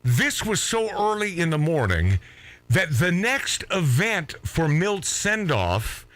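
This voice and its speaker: Middle-aged guy hosting a radio show, rambling story, bright lively voice jumping all over. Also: a little high, takes it slowly, no echo. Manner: rambling, animated storyteller with restarts. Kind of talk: casual storytelling chat.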